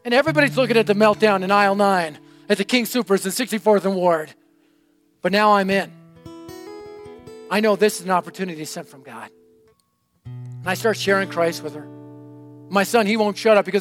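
Animated high-voiced male preacher. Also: brisk, long pauses, faint music behind. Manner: energetic, animated, swinging from loud to hushed. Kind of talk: sermon storytelling. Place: church room.

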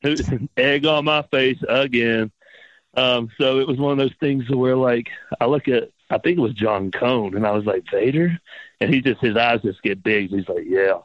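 A man's voice: mid-range voice, steady tone, normal speed, no echo, dull audio. A man, a professional wrestler guest, telling stories in a casual interview and acting out the lines he quotes with big jumps in his voice, swearing freely.

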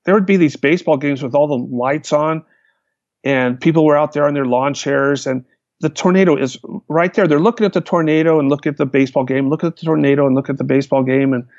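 A man, a hang glider pilot, recounting his flights in a lively storytelling manner. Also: fairly high pitch, quick pace, no room sound. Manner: animated, vivid retelling with restarts. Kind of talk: storytelling in a conversation. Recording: dull, lo-fi, dry sound.

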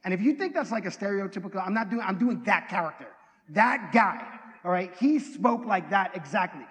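A man preaching a sermon, telling stories in an animated way, with restarts and self-deprecating asides. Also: sits high, fairly quick, in a large hall.

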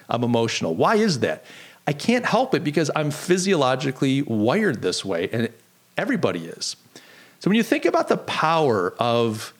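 A man hosting a solo podcast, talking in an earnest, conversational way with frequent restarts. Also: medium pitch. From United States. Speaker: podcast host.

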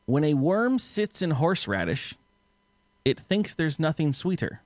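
Casting: man, podcast quiz host, lively pitch, laughs a lot, dry close sound. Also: measured pace, dry recording. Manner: laughs often, restarts phrases. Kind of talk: casual podcast chat.

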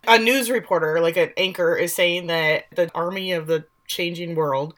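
A woman's voice: on the low side, moderate pace. Chatty woman recapping a show. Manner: animated storytelling, quoting characters. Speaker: podcast co-host. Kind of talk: casual recap chat.

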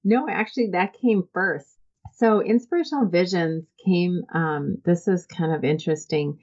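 Low-voiced earnest woman telling stories. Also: normal speed, a little mellow, dull audio. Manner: earnest and heartfelt, many "um"s and restarts. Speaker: interview guest, church volunteer program founder. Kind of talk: conversational interview storytelling.

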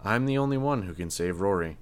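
A man's voice: deep voice, lively intonation, smooth. A man reading as a cool-headed young heroine. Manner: cool, measured.

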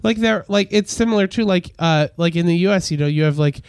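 A man co-hosting a casual chat, agreeable and quick to laugh. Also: high-pitched, darkish tone, clear, resonant tone, no echo. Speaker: podcast co-host.

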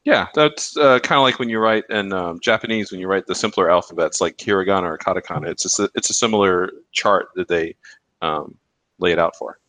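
A man co-hosting a podcast, chatting in a relaxed, rambling way with hesitations. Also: deep voice, a little fast, dry recording. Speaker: podcast co-host. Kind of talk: casual chat.

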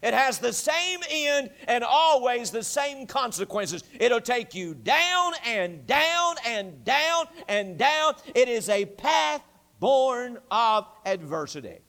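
Man, preacher, high voice, evening sermon, emphatic, storytelling. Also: sing-song, slow pace, pushed and bright.

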